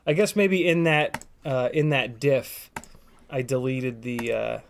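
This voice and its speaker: A man runs a relaxed, jokey live stream from his home workspace, reading out viewer comments while he works. His medium-pitched voice is gravelly and slow, and there's noise in the background.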